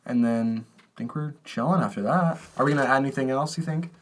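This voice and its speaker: A man's voice: medium pitch, brisk. Young man telling a rambling story. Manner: rambling storytelling, self-mocking. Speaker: podcast co-host. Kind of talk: casual chat.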